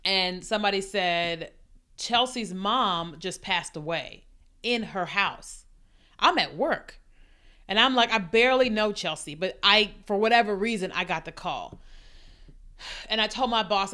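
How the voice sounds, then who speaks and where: A woman with a bright, clear voice tells her own faith story as a podcast host. She speaks in a lively, conversational way and acts out what she and others said. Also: medium pitch, unhurried. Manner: animated storytelling, acting out quoted voices. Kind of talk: personal faith testimony.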